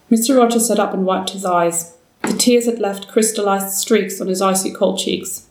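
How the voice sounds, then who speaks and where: A woman narrating a story aloud in a measured, steady way. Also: mid-range voice. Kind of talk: storybook reading. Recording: roomy, distant mic.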